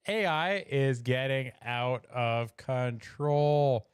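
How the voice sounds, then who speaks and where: Casual streamer host, man, smooth clear voice, dry close mic, reacts to memes. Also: mid-range voice, extremely slow, no room sound. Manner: laughing, chatty, addresses chat. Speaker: livestream host. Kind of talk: casual live commentary. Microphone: desk mic, streaming.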